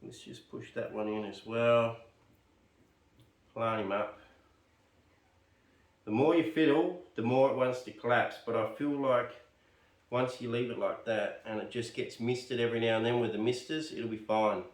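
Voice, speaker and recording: A man's voice: mid-range voice, unhurried, long pauses. An Australian man rambling casually while potting plants, muttering and joking at himself. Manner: rambling, chatty, self-deprecating, muttering to himself. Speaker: bonsai vlogger. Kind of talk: casual narration while working. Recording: roomy sound, mic at a distance.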